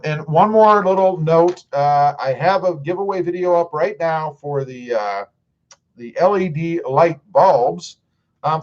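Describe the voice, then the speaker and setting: A man's voice: fairly high pitch, highs cut off. A middle-aged man with a Southern US accent, chatting casually on a livestream and reading viewer comments aloud. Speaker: livestream host.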